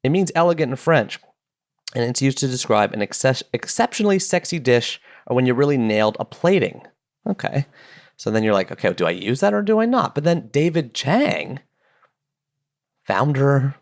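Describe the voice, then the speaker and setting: A man hosting a solo podcast from his basement, chatty and playful, wandering off into quick jokes and asides. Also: medium pitch. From Canada. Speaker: podcast host. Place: home basement.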